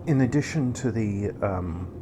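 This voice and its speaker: A man's voice: lowish voice, lively intonation, a little slow, noisy background. A man giving casual, rambling commentary while playing a factory-building game, correcting himself and making wry asides. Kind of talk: casual let's-play commentary.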